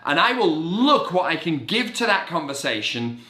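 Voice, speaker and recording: A middle-aged man, a real estate agent, giving an animated, very caffeinated motivational talk and acting out his inner voice in quick asides. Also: a little high. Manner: animated and energetic, self-described as very caffeinated. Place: indoor room with a blackboard on the wall. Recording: roomy echo.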